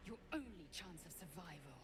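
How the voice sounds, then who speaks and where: A woman's voice: on the low side, lively intonation, fairly quick, noisy background, lightly acted. A woman playing a fierce, haughty warrior who speaks in curt, commanding lines. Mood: stern. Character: fierce, haughty female warrior, proud and cold.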